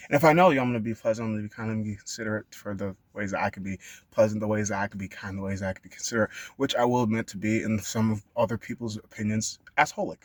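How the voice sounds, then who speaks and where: A man talking in a rambling, profane monologue that sometimes bursts into high-pitched shouting. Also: steady tone, rapid-fire, dry recording. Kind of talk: casual monologue rant.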